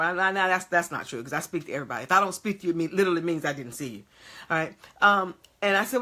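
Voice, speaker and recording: A woman's voice: on the low side, lively intonation, fast talker, pushed and bright. A middle-aged woman teaching a group of women, emphatic, drawing out key words and checking in with "okay?" after each point. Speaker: women's ministry speaker and teacher. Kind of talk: motivational teaching to a live group.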